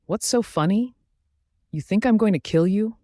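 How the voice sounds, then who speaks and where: A man's voice: high voice, moderate pace, darkish tone, dry recording, studio quality, voice pushed up, lightly acted. A man voicing a cruel, mocking young male villain with a sneering manner.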